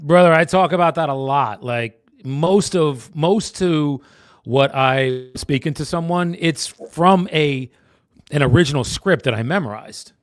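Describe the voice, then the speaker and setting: A man's voice: fairly high pitch, a little slow, dry recording. Rambling man from New Jersey, dry close mic. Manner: rambling, restarts sentences, says brother and bro. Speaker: real estate agent, co-host. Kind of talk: casual chat.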